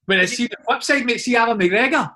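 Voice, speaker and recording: A Scottish man with a fairly high voice tells dressing-room stories in a loose, animated way. He talks like a former footballer catching up with a mate, dropping "mate" and "like" into nearly every line. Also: fast talker. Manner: animated anecdotes, frequent "mate" and "like". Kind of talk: casual storytelling chat.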